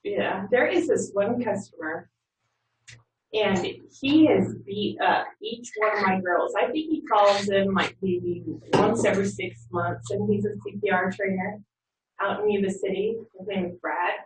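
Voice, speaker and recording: Woman manager telling a story about a rude caller, lively, echoey room, far from the mic. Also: medium pitch, a little slow. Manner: animated retelling, acts out a caller's voice. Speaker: call center manager. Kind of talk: storytelling to a workshop group. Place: training room. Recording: echoey room, distant mic, faint hum.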